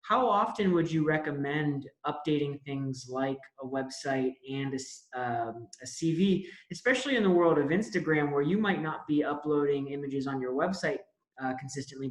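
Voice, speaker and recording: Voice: mid-range voice, normal speed, reverberant. A webinar host on a video call, moderating questions and closing the session politely with many small fillers.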